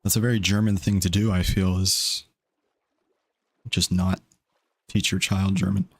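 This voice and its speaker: Chill young guy streaming a game, rambly, kinda low voice, dry sound. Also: flat delivery, measured pace, creaky, no echo. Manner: rambling, laid-back, offhand. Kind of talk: casual gaming stream chat.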